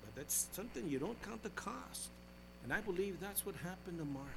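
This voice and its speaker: A male pastor preaching a sermon in church, calling out to the congregation and switching between loud exhortation and hushed, folksy storytelling. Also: high voice, expressive, moderate pace, gravelly, background noise.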